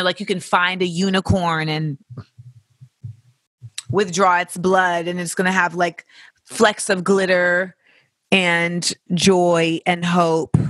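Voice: mid-range voice, a bit bright, no echo, clean studio sound. A podcast host, talking casually and candidly, with profanity and playful tangents while answering listener questions. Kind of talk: casual reflective chat.

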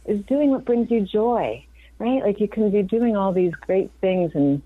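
A woman in her fifties, a physician, is a guest in a conversational interview, speaking earnestly and reflectively and often restarting her sentences. Her mid-range voice is animated and a little slow. The remote audio is dry and phone-like, with no echo.

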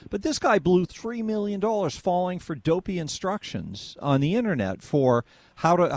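Male radio host, slightly high voice, dry close studio sound, chatty and rambling. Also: a little mellow, dry recording. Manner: rambling, many fillers and restarts. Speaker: radio talk show host. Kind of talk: talk radio interview.

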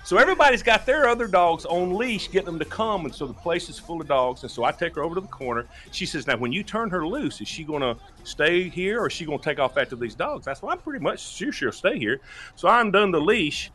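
A man telling a long comic story on a talk show, lively and laughing, acting out the voices of the people in it. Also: on the high side, fast talker, hardly any pauses. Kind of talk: animated storytelling.

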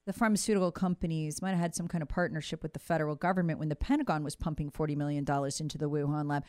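A woman hosting opinionated political commentary, sarcastic and mocking, with sudden swings between loud jabs and low muttered asides. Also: fairly even intonation, rapid-fire, few pauses, no room sound, clean studio sound. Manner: sarcastic, mocking impressions of officials.

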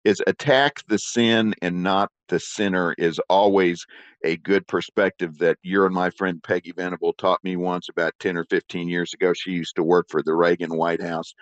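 Male radio co-host, folksy opinionated rambler, low voice, lo-fi dry audio. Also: steady tone, normal speed, no echo. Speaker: radio talk show co-host. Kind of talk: political talk radio chat. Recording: dull lo-fi broadcast sound.

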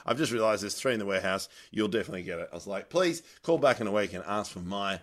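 A stand-up comedian with a lowish voice and a quick pace shares a long anecdote in relaxed podcast conversation. He's animated and laughs as the story unfolds.

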